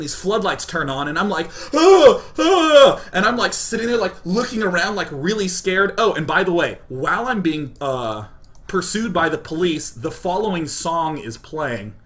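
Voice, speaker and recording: A young man from Kansas telling a comedic personal story in an animated, self-deprecating way, peppered with "like". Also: a little high, brisk. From Kansas, United States.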